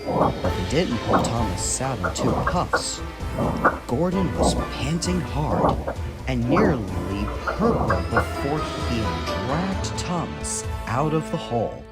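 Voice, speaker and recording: A man reading a children's train story aloud as narrator, expressive and unhurried. His voice rises and falls over a very wide range as he tells it, with music behind. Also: medium pitch.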